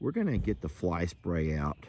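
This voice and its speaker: A man's voice: deep voice, wildly swooping pitch, normal speed, background noise. A man talking through a casual farm vlog outdoors, chatting with his animals. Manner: chatty, talks softly to the animals. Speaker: farm vlogger.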